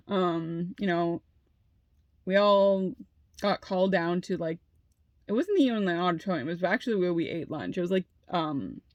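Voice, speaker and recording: A woman's voice: mid-range voice, a little mellow, dry recording. A young adult woman telling a personal story in a casual monologue, heated, with lots of "like" and frequent swearing. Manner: heated, fills talk with "like" and swears freely.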